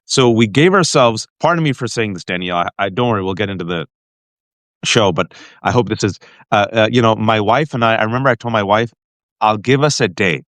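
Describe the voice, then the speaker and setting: A man hosting a show and telling an emotional family story to his guest with animated energy, often restarting his sentences. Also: on the low side, a little fast, no room sound. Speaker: podcast host. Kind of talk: heartfelt personal storytelling to a guest.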